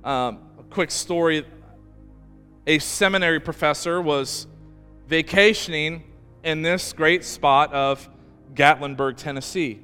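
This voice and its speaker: A man preaching a sermon as pastor, telling stories with emphasis and slowing down to stress key words. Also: fairly high pitch, sharp tone, smooth, big-room sound, faint music behind.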